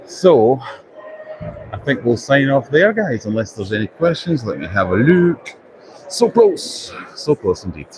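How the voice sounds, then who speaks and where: With a medium-pitched, very animated voice at a moderate pace, a livestream host wanders a busy trade show floor, thinking aloud in a chatty, self-deprecating way. The exhibition hall is noisy, full of crowd chatter.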